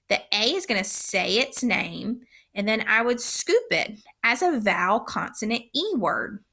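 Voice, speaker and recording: A woman teacher giving a recorded phonics lesson for young children, speaking slowly and patiently with careful, clear enunciation. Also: on the high side, bright, forceful tone.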